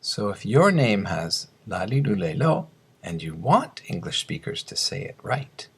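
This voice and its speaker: A man teaching English pronunciation, reading slow word drills and explaining sounds. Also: lowish voice, big pitch swings, breathy edge. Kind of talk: scripted lesson narration.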